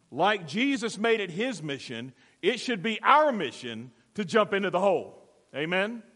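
Slightly high-voiced preaching man. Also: fairly bright tone. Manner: storytelling, emphatic, call-and-response. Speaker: pastor. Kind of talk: sermon. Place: church sanctuary. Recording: long hall reverb.

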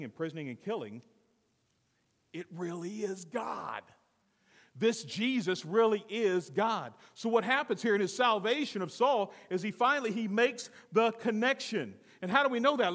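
A man preaching a sermon with dramatic swings from loud to hushed, acting out the voices in the story. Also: sits high, big-room sound. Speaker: pastor.

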